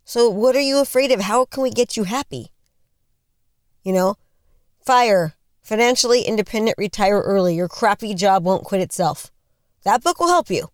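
Forties female motivational speaker, earnest and conversational, mid-pitched voice, dry sound. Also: lively intonation, moderate pace, no echo. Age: 40s. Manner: earnest, conversational, repeats questions for emphasis. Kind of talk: motivational talk.

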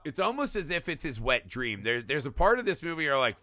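A man in casual chat, an animated, profane storyteller who often laughs. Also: a little high, quick pace, dry recording.

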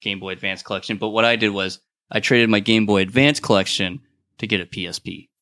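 Relaxed man reminiscing, dry sound. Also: fairly low pitch, brisk, dry recording. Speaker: podcast co-host. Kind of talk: casual chat.

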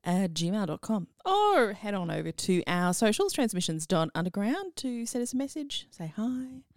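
A woman's voice: medium pitch, big pitch swings, normal speed, dry recording. A woman with an Australian accent co-hosting a radio show and reading out the contact details. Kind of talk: casual radio banter.

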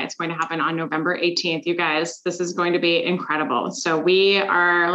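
A woman guest on a podcast, telling animated, emphatic stories about sales with exasperated asides. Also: on the low side, poor audio. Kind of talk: casual interview chat.

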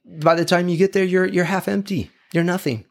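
A man's voice: high-pitched, steady tone, fairly quick, vocal fry, pitched above the performer's own voice. A man voicing a smug, sneering water jar. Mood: mocking. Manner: taunting, sneering.

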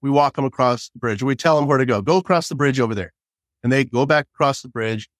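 A middle-aged man, a former border agent, telling stories in a relaxed way with many fillers and laughs. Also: medium pitch, quick pace, no echo. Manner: laid-back, laughs often, many fillers. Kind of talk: casual storytelling.

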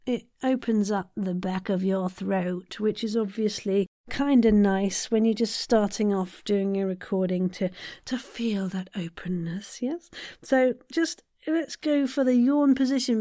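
A woman coaching voice actors, guiding warm-up exercises and tongue twisters in a playful, encouraging way. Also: mid-range voice, a little slow, no room sound, clean studio sound. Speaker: voice acting coach. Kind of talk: guided vocal warm-up.

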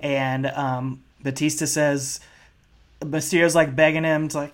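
A man's voice: fairly high pitch, level tone, moderate pace. Chatty man recapping wrestling. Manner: chatty, many fillers and laughs. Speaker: podcast co-host. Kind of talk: casual wrestling commentary chat.

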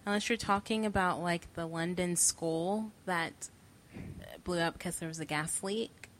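A woman's voice: lowish voice, a little slow, slight background noise. A woman from the chat room joining a casual talk show, hesitant and self-deprecating.

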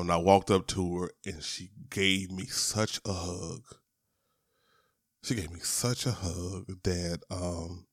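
A man's voice: low voice, a bit bright, no echo, studio quality. A man hosting a podcast, telling a personal story in a chatty way, restarting his words and talking to listeners as y'all. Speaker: podcast host. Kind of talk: casual storytelling monologue. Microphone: podcast microphone.

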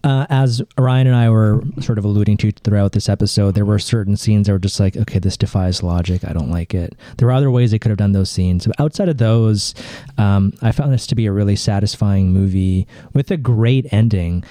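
Mellow, dark-voiced man reviewing. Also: on the low side, a little fast, few pauses, no room sound. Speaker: podcast co-host giving a film rating. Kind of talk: casual chat.

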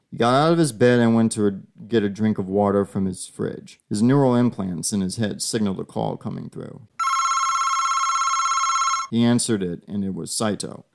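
Gravelly low male story narrator. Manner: plain steady reading. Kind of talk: amateur audio story narration.

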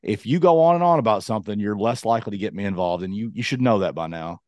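A man's voice: lowish voice, fast talker, a little mellow, dry recording. A man co-hosting a casual chat, rambling and self-deprecating, acting out quotes in a raised voice. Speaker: podcast co-host.

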